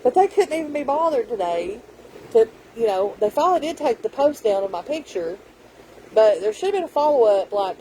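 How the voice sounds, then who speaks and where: A woman's voice: a little high, sing-song, brisk, warm tone, a little hiss or hum, low-quality recording. A woman, telling a rambling story in casual vlog chat. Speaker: vlogger.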